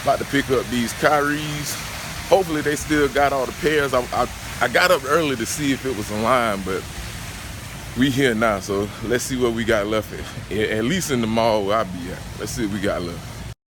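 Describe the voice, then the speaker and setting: A man's voice: mid-range voice, moderate pace, noisy background. A man with a Southern US accent ranting in a casual sneaker vlog from his car, agitated, slangy and profane. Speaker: sneaker vlogger.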